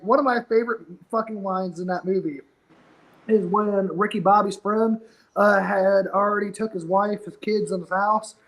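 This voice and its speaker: A man's voice: high-pitched, rough recording. A man co-hosting a wrestling podcast, chatting casually in a profane, rambling way and retelling stories with animation. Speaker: podcast co-host.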